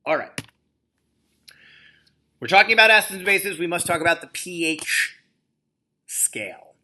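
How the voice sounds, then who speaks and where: A male biology teacher narrates a lecture screencast with a high, bright voice. His pitch swings up and down as he explains, and he drops in playful asides. He keeps checking in with "okay?" and "right?". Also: a little slow. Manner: lively, jokey asides, frequent "okay?" and "right?".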